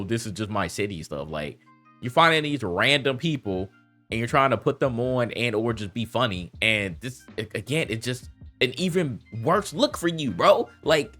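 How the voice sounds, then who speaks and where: A man's voice: mid-range voice, sharp tone. A man giving a casual, slangy commentary rant, laughing often and talking loosely with lots of fillers. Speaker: commentary vlogger.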